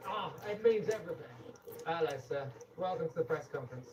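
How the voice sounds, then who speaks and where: Gushing comedian, high-pitched. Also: male voice, brisk, far from the mic. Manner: flamboyant, gushing mock flattery. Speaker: comedic host. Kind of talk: comic banter greeting guests.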